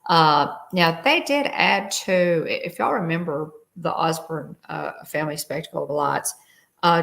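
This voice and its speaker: A woman's voice: deep voice, vocal fry, a bit bright. A woman hosting a casual livestream, reading out trivia and greeting viewers by name. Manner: chatty, reads trivia aloud and greets viewers. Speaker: livestream host.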